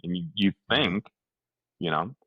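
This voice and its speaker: Low-voiced man telling an animated story. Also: measured pace, breathy edge, dry recording, highs cut off. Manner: animated storyteller, acts out quotes, many restarts. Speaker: podcast co-host. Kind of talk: casual storytelling chat.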